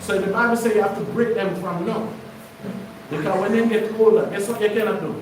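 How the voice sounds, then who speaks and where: A man's voice: sits high, fairly quick, slight background noise. A man from Jamaica, preaching a sermon in a casual, storytelling way. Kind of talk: sermon teaching. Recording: echoey room, voice from far off.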